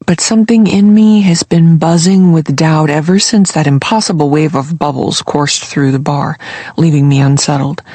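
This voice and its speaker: An audiobook narrator reading a first-person novel in a measured, wry storytelling manner, with a husky voice. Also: medium pitch, darkish tone, no echo.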